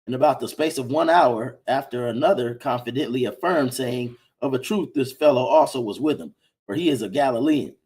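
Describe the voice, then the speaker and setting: A man reading King James style scripture aloud at a steady pace during a Bible lesson. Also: mid-range voice, brisk, slightly rough, low-quality recording. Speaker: scripture reader.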